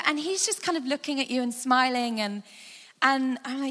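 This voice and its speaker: A woman speaker giving a guided imagination talk, animated and conversational with frequent fillers. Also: high-pitched, moderate pace. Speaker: church speaker. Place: large hall with a sound desk. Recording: long hall reverb.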